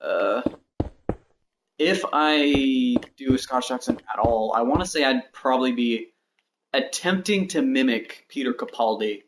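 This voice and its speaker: A man's voice: mid-range voice, lively intonation, a little slow. A man in his early twenties chatting casually while streaming a building game, thinking aloud and rambling between tasks. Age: 20s. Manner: rambling, thinks aloud, counts blocks under his breath. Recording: noticeable background noise and clicks.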